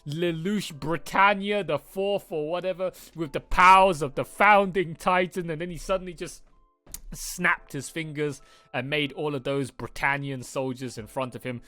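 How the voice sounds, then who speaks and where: A man's voice: on the high side, fairly even intonation, moderate pace, sharp tone, dry recording. A British man hosting an anime reaction, talking in a rambling, sarcastic way and swearing often. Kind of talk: casual reaction commentary.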